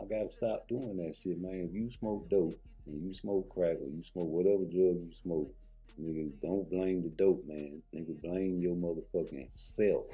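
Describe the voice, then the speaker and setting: Low, husky male vlogger; heated, profane, rambling hot takes. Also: dark tone. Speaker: boxing commentary vlogger. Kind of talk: casual opinion rant.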